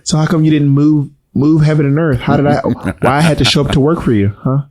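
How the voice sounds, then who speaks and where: A man co-hosting a casual chat, teasing his co-host with quick back-and-forth questions, his voice held soft and quiet as he recovers from voice strain. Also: a little high, fairly even intonation. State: recovering voice, talking softer than usual. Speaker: podcast co-host.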